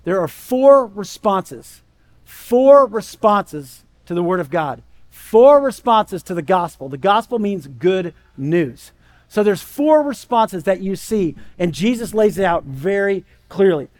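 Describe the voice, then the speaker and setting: A pastor delivers a conversational sermon, repeatedly checking in with "right?" and performing the voices of people he quotes. His high voice swings widely in pitch, moves slowly, and has a slightly mellow tone.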